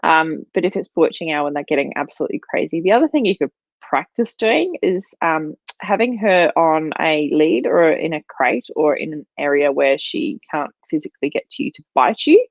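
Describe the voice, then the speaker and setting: Gravelly low-voiced woman. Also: expressive, normal speed, dry recording. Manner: chatty, filler-heavy, practical. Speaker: dog trainer. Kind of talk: live Q&A advice. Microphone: livestream mic. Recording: dull, lo-fi and dry.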